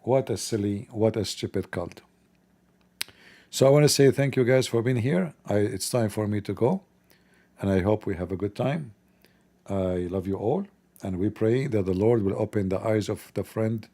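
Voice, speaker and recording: With a lowish, dark-toned voice, this middle-aged livestream host alternates casual talk with blunt, mocking sermons in broken grammar.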